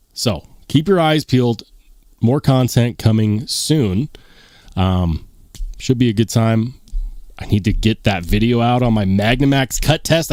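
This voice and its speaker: A man's voice: mid-range voice, darkish tone, no echo, clean studio sound. A man hosting a live stream, chatting casually and rambling to his viewers, calling them guys. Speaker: livestream host.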